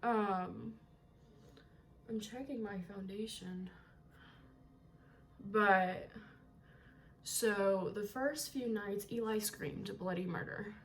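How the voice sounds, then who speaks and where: A woman's voice: mid-range voice, very slow, long pauses, slight background noise. A young woman vlogging from her bedroom, telling a personal story in a candid, rambling way, with casual swearing and moments of emotion. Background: faint TV sound playing.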